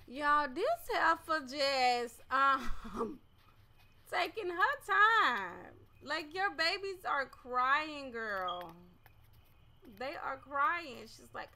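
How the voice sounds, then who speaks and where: A woman's voice: high voice, expressive, drawn-out words, pushed and bright. A young woman casually commenting on her life-sim game as she plays, chatty and scolding her character. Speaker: gaming channel host. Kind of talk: casual let's-play commentary. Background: game music.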